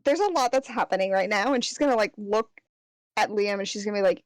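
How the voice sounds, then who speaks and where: A woman describing her character's moves at a casual tabletop game. She swears freely and laughs easily. Her voice sits at a middle pitch and sounds dry and close. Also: fast, no room sound, poor audio. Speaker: player. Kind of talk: casual tabletop role-play narration.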